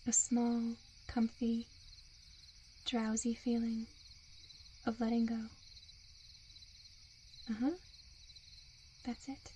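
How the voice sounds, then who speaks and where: A woman in a whispered role-play, with a soft, soothing and coaxing hypnotic murmur. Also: a little high, monotone, drawn-out words, pauses often, slight background noise. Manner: seductive, coaxing.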